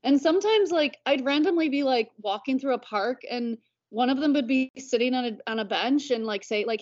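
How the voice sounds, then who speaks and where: A woman's voice: sits high, fairly quick, darkish tone. Chatty woman on dull audio. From United States. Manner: chatty, many "like" fillers. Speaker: podcast guest. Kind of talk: casual conversation.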